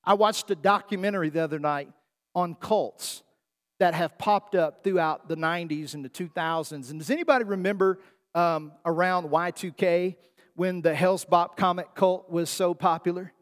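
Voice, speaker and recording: A man's voice: high-pitched, normal speed. A man preaching a sermon in a folksy, emphatic way, asking his listeners rhetorical questions. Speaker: pastor. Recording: long hall reverb.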